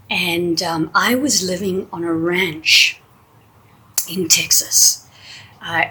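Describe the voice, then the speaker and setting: A woman telling a funny personal story in a chatty, animated way. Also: lowish voice, husky, low-quality recording. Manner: chatty, animated, with fillers and restarts. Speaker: storyteller and English teacher. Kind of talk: casual storytelling.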